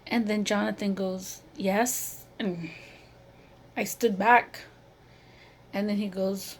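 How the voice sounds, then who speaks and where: Middle-aged woman, mother, slow halting speech, emotional personal story, faint background noise. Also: medium pitch, little pitch movement. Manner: slow, halting and emotional, with many pauses and repeated phrases. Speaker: mother sharing her story. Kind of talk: personal testimony to camera.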